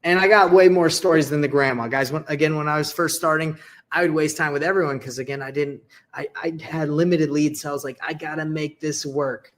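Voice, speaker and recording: A young adult man giving a live sales training, energetic and repetitive, checking in with "okay" and acting out sample calls. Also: fairly high pitch, quick pace. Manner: energetic, repeats "okay" and "all right", acts out sample seller calls. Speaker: real estate sales coach. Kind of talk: live training talk to camera.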